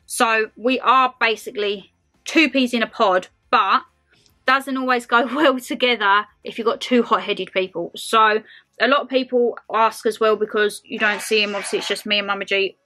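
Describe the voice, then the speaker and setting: A woman's voice: fairly high pitch, normal speed, sharp tone, faint music behind. A woman in her twenties doing a casual, rambling Q&A vlog to camera, calling her viewers her lovelies. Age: 20s. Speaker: lifestyle vlogger.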